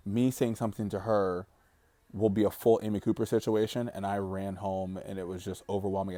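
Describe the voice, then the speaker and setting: A man in his thirties giving an earnest, reflective personal vlog monologue while grieving, slowing down on the heavy words. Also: fairly low pitch, mellow, dry recording. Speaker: vlogger.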